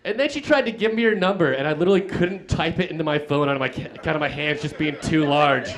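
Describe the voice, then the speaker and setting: A man's voice: fairly high pitch, fast. A young man doing a stand-up comedy set on stage, telling rambling self-deprecating stories full of restarts and filler words. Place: comedy club stage with live audience.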